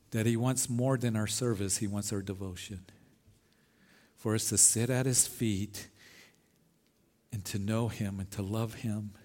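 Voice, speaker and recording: A man's voice: fairly low pitch, darkish tone. A middle-aged man preaching a sermon as pastor at an outdoor service, earnest and emphatic, with rising phrases.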